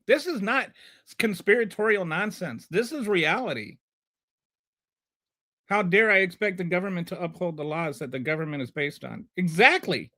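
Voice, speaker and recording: Male political stream host with a slightly high voice who mocks his chat, argues hard and rambles between points. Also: bright, forceful tone. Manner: sarcastic and combative, mocks commenters. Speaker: livestream show host. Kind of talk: political commentary, answering live chat.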